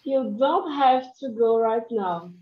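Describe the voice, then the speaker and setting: A woman reading the part of a chatty, teasing young woman, with lively intonation, in a classroom role-play. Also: on the high side, takes it slowly, muffled recording. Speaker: student reading a dialogue.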